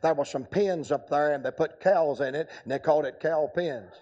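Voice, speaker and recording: Older preacher man, high voice, folksy joking revival sermon. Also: normal speed, a little mellow, highs cut off. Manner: folksy storytelling with humor. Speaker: evangelist preacher.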